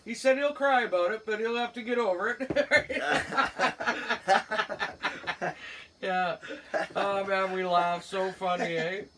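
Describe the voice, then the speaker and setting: Man, Cape Breton accent, high bright voice, rambling laughing storyteller, distant mic, faint room noise. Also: steady tone, takes it slowly, pauses often. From Cape Breton, Canada. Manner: rambling, laughs often, acts out quoted voices loudly. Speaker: podcast host. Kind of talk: casual storytelling chat.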